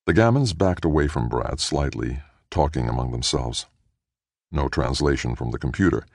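A man narrating an audiobook in a steady, measured storytelling manner. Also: very deep voice, vocal fry, dry recording, studio quality. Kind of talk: scripted narration.

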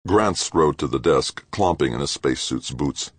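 A man narrating a science-fiction thriller audiobook in a lively, dramatic reading. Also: extremely low pitch, normal speed, hardly any pauses, breathy edge, dry recording. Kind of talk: scripted narration.

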